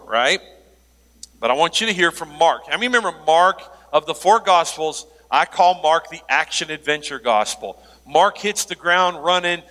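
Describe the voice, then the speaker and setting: Animated preacher in an echoing hall. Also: male voice, a little high. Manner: animated preaching with asides and laughs. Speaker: pastor. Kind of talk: sermon. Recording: long hall reverb.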